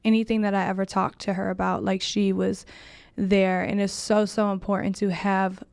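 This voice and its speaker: A woman's voice: mid-range voice, little pitch movement, moderate pace, gravelly, darkish tone, dry recording. A young adult woman candidly telling a heartfelt personal story, full of "like" fillers.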